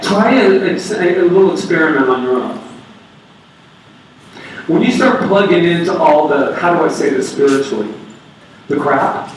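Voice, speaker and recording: A man delivers an animated sermon, chatty and playful, with a fairly high voice. His voice is picked up from far off in a hall with heavy echo, and faint room ambience lies underneath. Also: unhurried, slight background noise. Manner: animated, conversational preaching with playful asides. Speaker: minister. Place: church sanctuary. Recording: very echoey hall, voice from afar.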